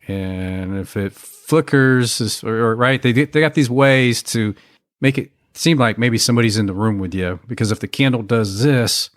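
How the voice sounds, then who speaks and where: A man's voice: medium pitch, normal speed, no echo, clean studio sound. A man co-hosting a podcast, telling stories in a rambling, agreeable way. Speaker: podcast co-host. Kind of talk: casual chat.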